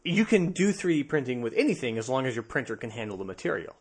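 A man's voice: mid-range voice, sing-song, fast, husky. A man co-hosting a casual podcast chat, joking and laughing often, with restarts. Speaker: podcast co-host.

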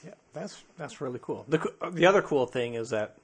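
A man's voice: mid-range voice, expressive, a little fast, husky. A man co-hosting a casual podcast chat, joking and laughing often, with restarts. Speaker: podcast co-host.

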